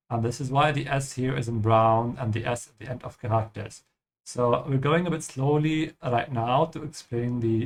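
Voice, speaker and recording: A man's voice: medium pitch, slight background noise. A man teaching a language over gameplay, explaining patiently and checking in with the listener with "yeah?".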